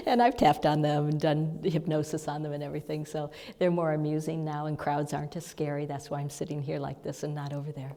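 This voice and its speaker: Low-voiced woman minister in reverberant hall. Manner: soft, halting storytelling with breathy asides and laughs. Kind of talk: conversational sermon lesson. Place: church hall, seated before the congregation. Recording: long reverb of a large hall.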